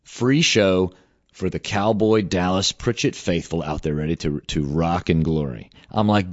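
A middle-aged man, a band frontman telling road stories in a rambling, animated way, full of "man" and "dude". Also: deep voice, a little slow, muffled recording. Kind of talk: casual storytelling monologue.

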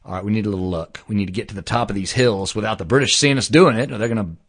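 A man's voice: fairly low pitch, racing, slightly rough. A man voicing a weary colonial army commander who talks bluntly in casual slang. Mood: scheming.

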